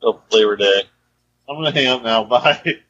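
A man's voice: medium pitch, moderate pace, a bit bright. Tired man on a dull, lo-fi line. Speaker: podcast co-host. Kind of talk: casual chat. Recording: dull lo-fi call audio with faint noise.

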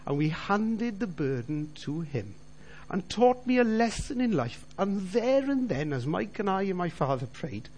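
Middle-aged man, slightly high voice, earnest testimony speaker addressing the congregation directly. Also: big pitch swings, a little slow, darkish tone, slightly rough. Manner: earnest storytelling, direct appeals to listeners. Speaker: Christian businessman giving testimony. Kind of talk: personal faith testimony.

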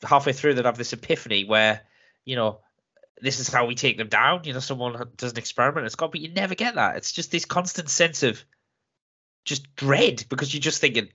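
A man's voice: medium pitch, a little fast. A man co-hosting a podcast, talking animatedly about a film and laughing often. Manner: animated, laughs often, acts out quoted lines. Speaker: podcast co-host. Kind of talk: casual film chat. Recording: dull, slightly muffled podcast audio.

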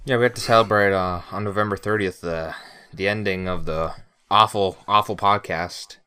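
A man's voice: low voice, steady tone, normal speed, bright, forceful tone, clear, resonant tone. A man co-hosting a casual podcast who cracks sarcastic, crude jokes. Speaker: podcast co-host.

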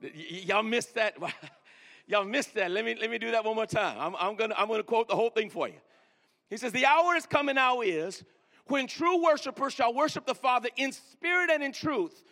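A man preaches in a high, bright voice, slowing down to stretch out the words he wants to land. He calls on the congregation to answer him back. His voice rings out through a large hall with a long reverb. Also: animated. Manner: preaching with call-and-response and drawn-out emphasis. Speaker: pastor. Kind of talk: sermon. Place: church sanctuary.

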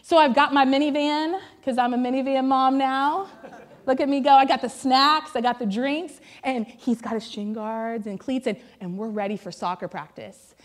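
A woman's voice: high-pitched, steady tone, normal speed. A woman in her thirties, a pastor's wife, preaching to a congregation in a chatty, self-deprecating storytelling style. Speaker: pastor's wife giving a sermon. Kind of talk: humorous storytelling sermon. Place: on stage before a church congregation.

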